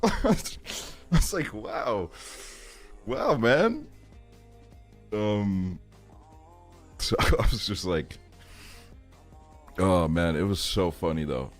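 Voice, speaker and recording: A man's voice: deep voice, expressive, slow pace, long pauses, faint music behind. A man in his twenties telling a rambling story on a live stream, laughing often and swearing a lot. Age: 20s. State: tired. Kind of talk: casual stream chat, storytelling.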